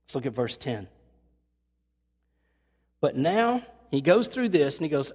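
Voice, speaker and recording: A man preaching a conversational sermon to his church, earnest and animated, acting out the voices of people he quotes. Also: a little slow, long pauses, breathy edge, big-room sound. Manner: earnest, conversational, acts out quotes with rising pitch. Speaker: pastor. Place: church sanctuary.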